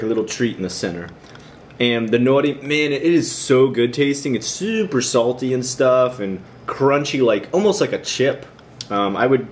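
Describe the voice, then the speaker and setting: A man's voice: medium pitch, a little hiss or hum. An American man giving a casual video lesson, chatty and teasing as he quizzes the viewer. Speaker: vlogger teaching about Japan.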